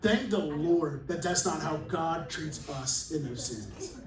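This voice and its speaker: A man's voice: fairly high pitch, lively intonation, a little slow, crowd noise. A man pastor giving a sermon in a casual, joking, conversational way, acting out quotes. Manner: conversational, jokey preaching with acted-out quotes. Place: church hall. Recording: echoey hall from far off, faint room noise.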